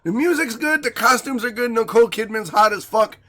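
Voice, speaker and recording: Brief: male podcast co-host, bright voice, lively swings in pitch, loose casual chat. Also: a little fast. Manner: animated storyteller, crude, laughs often. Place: home studio.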